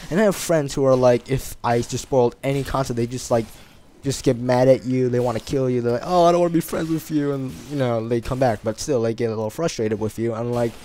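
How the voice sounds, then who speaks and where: Rambling young man, mid-pitched voice. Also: fairly even intonation, fairly quick, mellow. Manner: rambling, hesitant, many fillers and restarts. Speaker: video blogger. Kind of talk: casual rambling monologue.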